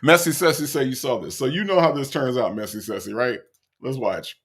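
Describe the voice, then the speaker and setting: A man's voice: medium pitch, brisk, breathy edge, soft background music. A man hosting a reaction commentary, emphatic and profane, often repeating "okay? all right?". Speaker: commentary host.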